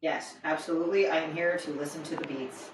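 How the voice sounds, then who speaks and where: A tired woman streaming a game, reacting with sarcastic, deadpan remarks. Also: low voice, fairly quick, distant mic, slight background noise. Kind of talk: casual live-stream commentary. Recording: roomy sound, a bit off the mic.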